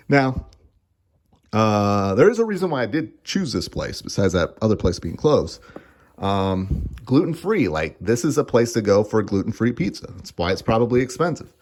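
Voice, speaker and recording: A man's voice: lowish voice, big pitch swings, moderate pace, a little mellow. A man in his thirties giving a casual, sarcastic and profane food review, laughing often as he rants. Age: 30s.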